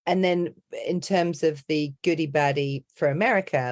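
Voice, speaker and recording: Here a middle-aged woman, a dialect and accent coach, chats about her techniques on a podcast, wandering from point to point and peppering it all with "you know, like." She has a deep, darkish voice and talks at a normal speed with barely any pauses.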